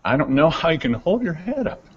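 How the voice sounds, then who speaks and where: A man's voice: a little high, big pitch swings, fairly quick, breathy edge. A man giving prepared public comment at a meeting, pointed and accusing. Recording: dull, reverberant meeting hall.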